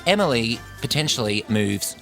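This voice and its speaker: A man's voice: mid-range voice, expressive, creaky, bright, forceful tone, soft background music. A man co-hosting a radio show, chatting casually and joking about celebrity gossip. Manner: gossipy, chatty, quick to joke. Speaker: radio co-host. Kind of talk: casual chat.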